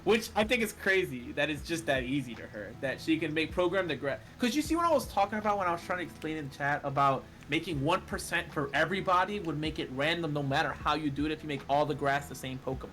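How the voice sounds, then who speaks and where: A man chatting casually on a gaming stream, talking fast and laughing often. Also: a little high, rough recording. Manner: animated, laughs often, rapid ideas. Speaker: stream guest and chat regular.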